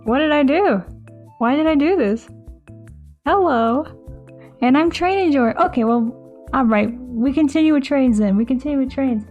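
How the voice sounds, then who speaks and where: A woman's voice: sits high, moderate pace, long pauses, muffled recording, soft background music. A young American woman chatting casually with her live-stream viewers, bubbly and self-mocking. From United States.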